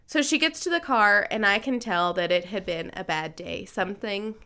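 Bright-voiced woman telling a story. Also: mid-range voice, moderate pace. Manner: conversational, acts out quoted voices. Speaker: podcast co-host. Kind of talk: casual storytelling chat.

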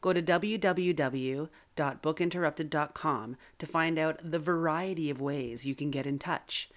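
Promo read: woman with a lowish voice, coaxing and sing-song. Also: a little slow. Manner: pleading, sing-song appeal to listeners. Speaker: podcast announcer.

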